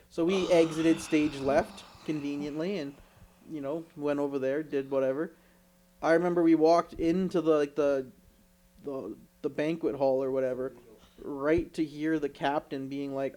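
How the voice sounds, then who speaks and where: Young Canadian man, podcast co-host, animated storyteller, slightly high voice, foul-mouthed. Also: moderate pace. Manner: animated, swears a lot, acts out quotes. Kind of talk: casual storytelling chat.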